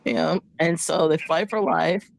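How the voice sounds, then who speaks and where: A woman with a gravelly, creaky edge to her voice tells a personal story in a casual chat. She talks in an animated way and slips into the voices of the people she quotes. The recording is dry and close, with no room sound. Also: low-pitched, measured pace, no room sound. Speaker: host.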